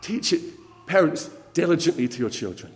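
A man's voice: fairly high pitch, expressive, moderate pace. A man preaching a sermon to a congregation, speaking earnestly and often repeating his words as he addresses the young people. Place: church. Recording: long hall reverb.

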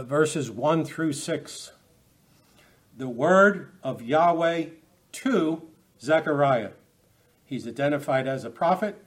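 A man teaching a Bible study lecture, earnest and emphatic, often restarting his phrases. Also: a little high.

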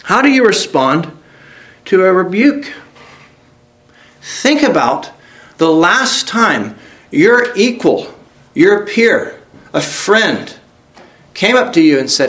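A man's voice: sits high, big pitch swings, slow, long pauses. Earnest preacher man, rising and falling. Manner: earnest, rising to emphatic peaks then dropping quiet; asks the congregation direct questions. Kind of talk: sermon with scripture reading.

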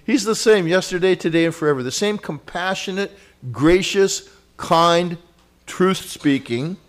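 A man delivers a sermon with a somewhat high-pitched voice, earnest and conversational. He swings from ringing exclamations down to hushed, close retellings, dropping in casual asides and small chuckles along the way. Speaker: preacher.

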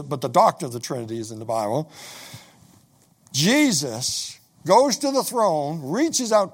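A middle-aged man preaching a sermon, reading scripture aloud and often repeating himself as he builds his points. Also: fairly high pitch.

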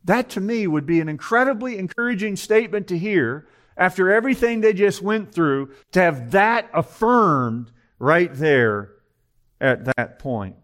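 Man preaching in a lively, questioning way. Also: high-pitched, a little slow. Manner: emphatic, asks rhetorical questions. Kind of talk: conversational sermon.

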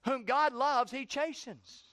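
Male pastor, high voice, fervent sermon delivery, dry close recording. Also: takes it slowly, a bit bright, no room sound. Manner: preaching with rising, heated questioning. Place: church.

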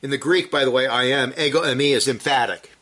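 A man preaching a sermon, teaching from scripture in an emphatic way that rises to forceful peaks and then drops low and quiet. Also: fast talker.

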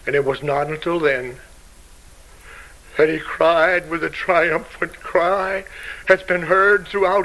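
An older man preaching with fervent emotion, his voice high and bright. He speaks slowly and deliberately, rising and falling as he quotes old scripture. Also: fairly even intonation, poor audio. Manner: fervent, emotional preaching with wide swings in pitch and loudness; quotes scripture in old-fashioned King James wording. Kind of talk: sermon.

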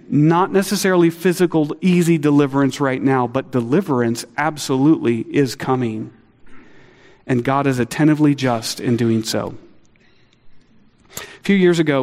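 A middle-aged man preaching a sermon, earnest and animated, acting out quotes with a lifted voice. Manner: earnest, animated, acts out quotes with rising pitch. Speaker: pastor. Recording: long hall reverb.

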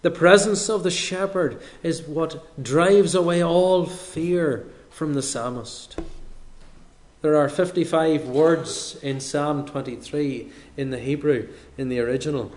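A man delivering a sermon at an unhurried, deliberate pace. His voice sits a little higher than most men's, and he leans on pauses for weight. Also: darkish tone. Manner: slow, measured delivery with dramatic pauses. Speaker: preacher.

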